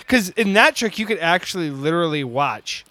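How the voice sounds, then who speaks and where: A man in his forties telling a long story casually, animated and laughing often, with lots of filler words. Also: high voice, normal speed.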